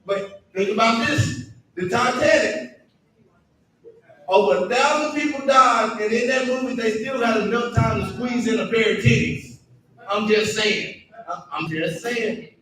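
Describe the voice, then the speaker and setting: A man's voice: very high-pitched, unhurried, fairly bright tone, faint music behind. A man hosting a comedy show and doing crude, rambling stand-up, often talking to the crowd. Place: comedy club stage. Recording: echoey club room picked up from a distance.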